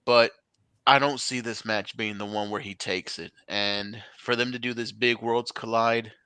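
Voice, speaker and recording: A man's voice: lowish voice, fairly even intonation, unhurried, bright, forceful tone, clear, resonant tone, dry recording. A man co-hosting a casual wrestling podcast, rambling and joking, swearing freely. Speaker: podcast co-host.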